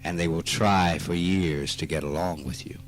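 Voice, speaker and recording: A man with a Southern US accent giving a spiritual talk, slow and emphatic, teasing his listeners and rising into animated outbursts. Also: low voice, a little hiss or hum. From Mississippi. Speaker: spiritual teacher. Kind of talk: spoken dharma talk. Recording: archive talk recording with faint music.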